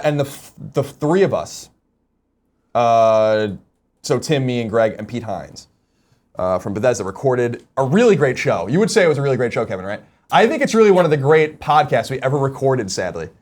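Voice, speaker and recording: A man's voice: medium pitch, sing-song, moderate pace, a little mellow. A man co-hosting a morning show, reading gaming news in a rambling, casual way with many restarts. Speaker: co-host.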